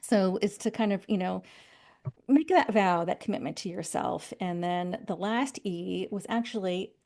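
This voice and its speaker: A middle-aged woman, a psychologist guest on a podcast, telling stories with lively, acted-out quotes. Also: medium pitch, unhurried, gravelly. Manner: animated storytelling, acting out quoted voices. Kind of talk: podcast interview.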